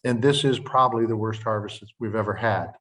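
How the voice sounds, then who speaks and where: A man's voice: on the low side, fairly even intonation, fairly quick, fairly bright tone, far from the mic, poor audio. An older man, a senator from Montana, speaking in an earnest, folksy, plain-spoken way on a video call.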